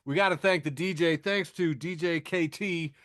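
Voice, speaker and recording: A man's voice: a little high, normal speed, a bit bright, no room sound, studio quality. A man hosting a podcast, riffing sardonically through news, laughing at his own jokes, with lots of fillers and restarts. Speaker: podcast host. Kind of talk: casual news chat.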